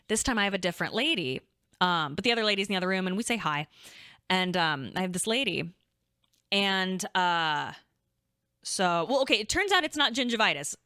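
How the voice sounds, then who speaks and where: Woman, young adult, podcast co-host, animated storytelling, crisp voice, dry sound. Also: medium pitch, no echo. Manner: animated, chatty, swears freely, acts out quotes. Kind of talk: casual storytelling chat.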